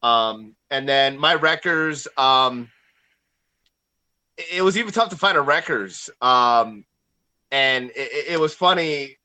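A man's voice: medium pitch, lively intonation, slow, bright, forceful tone. A man co-hosting a casual podcast chat, rambling with many fillers as he tells stories. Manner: rambling, filler-heavy storyteller. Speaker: podcast co-host.

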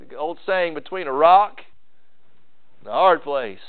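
A man's voice: sits high, lively intonation, moderate pace, clear, resonant tone. A male pastor preaching a sermon in a folksy, emphatic way, repeating key phrases. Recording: tinny phone-like sound.

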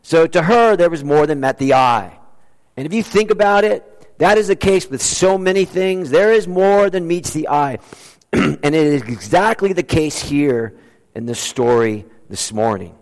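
A man's voice: on the high side, lively intonation, measured pace. Earnest male pastor in a reverberant church. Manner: earnest, conversational preaching. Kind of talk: sermon. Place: church sanctuary. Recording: long reverb of a large church.

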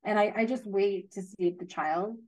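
A woman who teaches young children, giving advice in a thoughtful, gentle way. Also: mid-range voice, moderate pace, low-quality recording. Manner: thoughtful, gentle, hedging with fillers. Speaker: early childhood educator. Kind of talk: casual advice chat.

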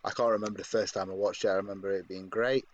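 A man's voice: lowish voice, fairly even intonation, fast talker. A man co-hosting a casual podcast, hesitant, with many ums and restarts. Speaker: podcast co-host. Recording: dull lo-fi mic with faint noise.

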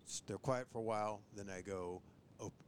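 A man who trains bird dogs, chatting on a podcast and giving tips, who often acts out owners and dogs in a higher voice. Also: moderate pace, slight background noise. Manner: animated, mimics owners and dogs in a high voice. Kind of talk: casual podcast chat.

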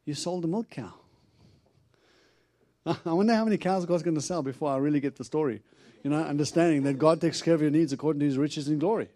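A man with a fairly high voice preaches very fast with few pauses, an itinerant preacher telling stories to his congregation. He acts out quotes animatedly and laughs a lot.

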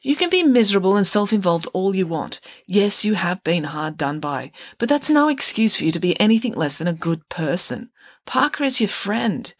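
A woman voicing a kind but firm teenage schoolgirl in a storybook reading, gentle and earnest. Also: mid-range voice, sing-song, moderate pace, dry recording, voice pushed up.

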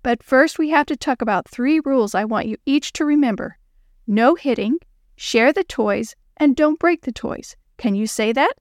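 A woman's voice: sits high, lively intonation, normal speed, dry recording, studio quality. Woman as a patient church teacher. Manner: patient, gently instructive. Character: calm adult woman children's church teacher.

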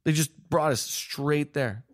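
Excitable young man telling a story. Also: on the high side, slow pace. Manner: excitable, laughing, restarts mid-sentence. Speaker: guest filmmaker. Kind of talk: animated storytelling.

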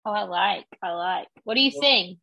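A young woman hosting a casual podcast chat, lively and teasing, laughing often. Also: medium pitch, normal speed, creaky. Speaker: podcast host. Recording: dull lo-fi audio.

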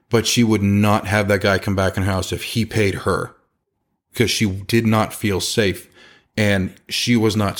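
A man who runs a chimney company telling a casual story, loose and rambling, with many fillers and restarts. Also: lowish voice. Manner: lively, acts out other people's lines in changed voices.

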